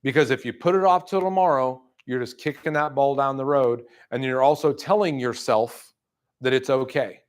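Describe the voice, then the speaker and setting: A man giving a motivational sales talk to a room, blunt and fired up, acting out people's excuses in quick asides. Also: mid-range voice. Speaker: roofing sales trainer. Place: room with an audience.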